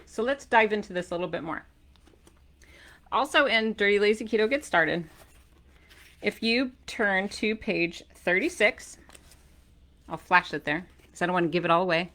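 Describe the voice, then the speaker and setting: Bright, animated woman coach. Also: mid-range voice, normal speed, long pauses. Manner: animated and playful, bursts into loud shouting for emphasis. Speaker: author and keto diet coach. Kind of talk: energetic talk to camera.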